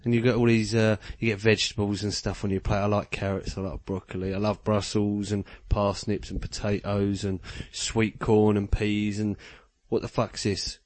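A man's voice: on the low side, level tone, normal speed, hardly any pauses, a little mellow, no room sound. Laid-back, sweary man. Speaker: podcast co-host. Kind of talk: casual comedic chat.

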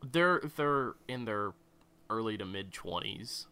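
Bright-voiced young man telling stories. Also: fairly low pitch, takes it slowly, clear, resonant tone. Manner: animated, profane storytelling. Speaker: podcast co-host. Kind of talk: casual podcast chat.

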